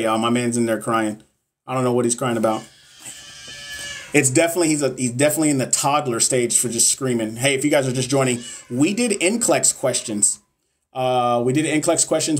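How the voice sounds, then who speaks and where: A man's voice: medium pitch, brisk. A man coaching nursing exam students in a casual livestream, blunt and motivational with frequent profanity.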